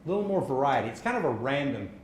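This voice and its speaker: A man coaching speakers in a live public speaking workshop, brisk and encouraging, giving direct feedback. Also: medium pitch, very animated. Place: seminar room. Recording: echoey room, faint background noise.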